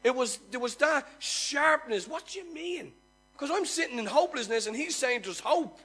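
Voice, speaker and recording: A man's voice: very high voice, animated, normal speed, bright, forceful tone, faint music behind, low-quality recording. A middle-aged man preaching a sermon, earnestly telling his own conversion story and asking the listeners questions. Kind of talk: sermon with personal testimony.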